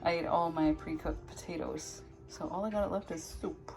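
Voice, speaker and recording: A woman's voice: fairly low pitch, steady tone, moderate pace, over loud music, low-quality recording. A woman casually narrating a food vlog from her home kitchen, in a chatty, rambling, matter-of-fact way. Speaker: food vlogger. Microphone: phone held or propped nearby.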